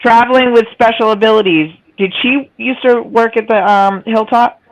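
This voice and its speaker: In a muffled recording, a stream host with a nasal voice on the high side talks at a moderate pace. She keeps the casual chat going, laughing easily and poking fun at her guests.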